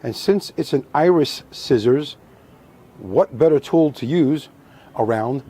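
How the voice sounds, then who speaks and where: A middle-aged man teaching a hands-on craft, talking through each step in a calm, methodical way and repeating the key points. His voice is mellow and dark, with a dry, understated humor. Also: mid-range voice, slow, breathy edge. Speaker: taxidermy instructor. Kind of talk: hands-on demonstration.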